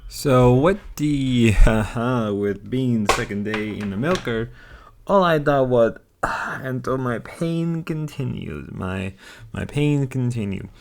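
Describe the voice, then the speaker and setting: A man's voice: medium pitch, gravelly. A man giving casual, rambling commentary on clips, often correcting himself. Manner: rambling, candid, self-correcting. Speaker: streamer reacting to clips.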